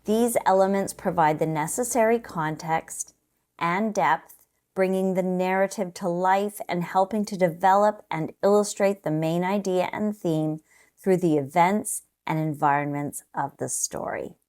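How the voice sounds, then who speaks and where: Slow, measured woman teaching test prep. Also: on the low side, darkish tone. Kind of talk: scripted lesson narration.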